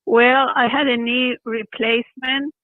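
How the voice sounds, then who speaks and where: A woman's voice: fairly high pitch, level tone, a little slow, no echo. An older woman answering a phone call, hesitant and weary as she talks about her troubles. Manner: hesitant, soft-spoken, weary. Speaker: person called by phone. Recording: tinny phone line.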